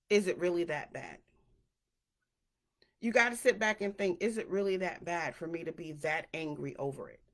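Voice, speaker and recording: A woman hosting a casual solo podcast, chatty and animated, who acts out the voices of people she quotes. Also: fairly low pitch. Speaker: podcast host.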